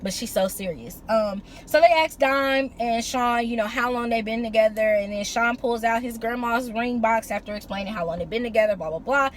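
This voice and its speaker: A woman's voice: a little high, moderate pace, hardly any pauses, a little hiss or hum. A woman recapping a reality TV episode in a casual, chatty way, mixing summary with blunt, sassy opinions. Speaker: reality TV reviewer.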